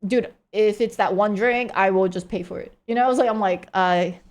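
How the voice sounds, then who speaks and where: A woman's voice: mid-range voice, fairly quick. A woman streamer telling a story to her chat in a casual, rambling way, full of "like" and "right?". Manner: rambling, heavy use of "like" and "right?". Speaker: live streamer.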